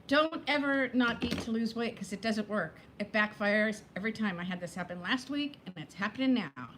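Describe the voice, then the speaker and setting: A woman in her fifties hosting a casual live chat, talking fast between topics and greeting viewers by name. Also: fairly high pitch, a bit bright, a little hiss or hum. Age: 50s. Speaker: livestream host.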